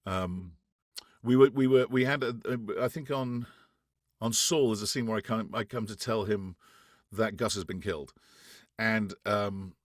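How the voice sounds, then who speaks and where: A man from France, a guest actor, telling animated stories in an interview, acting out quotes with restarts along the way. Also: on the low side, measured pace, dry recording, studio quality. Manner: animated anecdotes, acts out quotes, frequent restarts. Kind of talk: casual interview storytelling.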